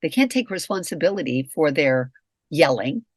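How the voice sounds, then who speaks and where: A woman's voice: low voice, expressive, moderate pace, no room sound. A middle-aged woman co-hosting a candid conversation, frank, emphatic and freely profane. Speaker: co-host.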